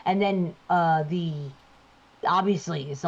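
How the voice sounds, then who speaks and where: A woman's voice: medium pitch, expressive, normal speed. A woman from New Jersey, a voice actor guest chatting casually while gaming and shifting where her voice sits as she talks. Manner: chatty, shifts voice placement to demonstrate. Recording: dull lo-fi sound.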